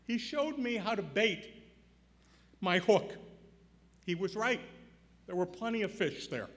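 Older man, acceptance speech, high pitch, emphatic storyteller, echoing hall. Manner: storytelling, building to loud emphatic points. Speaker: award recipient giving a speech. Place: large banquet hall. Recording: reverberant hall.

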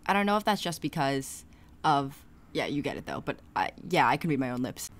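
A woman's voice: rumbling low, sing-song, fairly quick. A young woman chatting casually in a crafting vlog, rambling with many "like" fillers. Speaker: crochet vlogger. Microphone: camera mic, no clip-on.

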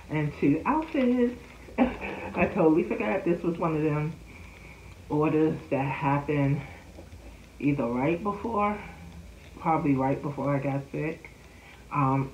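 A woman chats about her doll hobby in a low, unhurried voice. She keeps the talk loose, with fillers and small laughs. The recording sounds a little dull and roomy, with a faint hum underneath. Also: a little mellow. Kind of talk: casual vlog chat.

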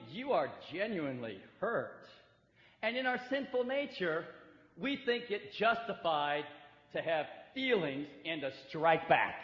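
A man preaching a sermon in a large church hall, emphatic, acting out the voices of hurt believers. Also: high-pitched. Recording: echoey hall, dull lo-fi sound.

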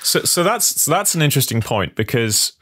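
A man's voice: mid-range voice, big pitch swings, brisk, fairly bright tone, slightly rough. A man hosting a podcast interview in a casual, thoughtful way, often restarting and repeating words. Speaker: podcast host.

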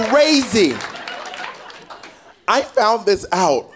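A man performing a stand-up comedy set, animated and sassy, with lots of profanity. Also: sits high, moderate pace, a loud crowd. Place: comedy stage before a live audience. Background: faint audience laughter.

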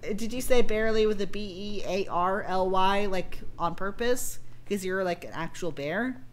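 A woman's voice: mid-range voice, normal speed, slight background noise. A woman streamer chatting casually and joking with her audience while playing a game. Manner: joking, banters with chat and cohost. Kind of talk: casual gameplay chat.

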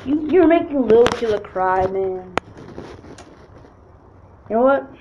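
Young female gaming YouTuber, higher voice, swears a lot, excitable slangy banter, slightly muffled recording. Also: takes it slowly, slight background noise. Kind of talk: casual gameplay commentary.

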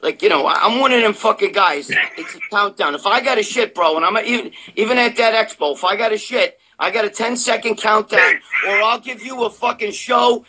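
An older man co-hosting a live show from his sister's house, telling loud, profane stories in casual chat. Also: sits high, fairly quick, few pauses. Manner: loud, profane, animated storyteller. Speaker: co-host of a bodybuilding live show.

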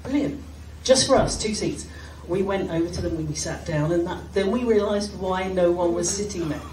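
A woman's voice: on the low side, normal speed. A British woman telling a self-mocking comic story on stage at a fan festival, laughing as she goes. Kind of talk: comic anecdote told on stage. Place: hall at a fan gathering. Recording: distant echoey hall, loud crowd, noise.

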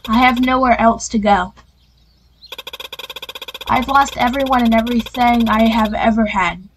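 A guilt-ridden homeless boy in a video game, read by a woman in a voice close to her own: a little high and slow, pleading and apologetic. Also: fairly even intonation, a little hiss or hum, lightly acted, low-quality recording. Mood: mournful.

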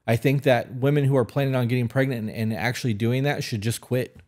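This man co-hosts a podcast and delivers blunt, opinionated casual talk laced with frequent profanity. He talks fast at a medium pitch, with fairly even intonation and a slightly mellow quality.

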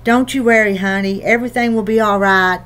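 A woman's voice: mid-range voice, fairly even intonation, a little fast, a bit bright, lightly acted. A woman voicing a kindly, sentimental, chatty older woman in an audiobook reading. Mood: tender. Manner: chatty and motherly.

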